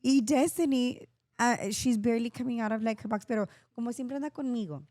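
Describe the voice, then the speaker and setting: A middle-aged woman co-hosting a podcast, chatting casually and expressively, with quick bursts of laughter. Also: on the high side, dark tone, no room sound, studio quality. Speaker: podcast co-host and mother. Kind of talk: casual chat.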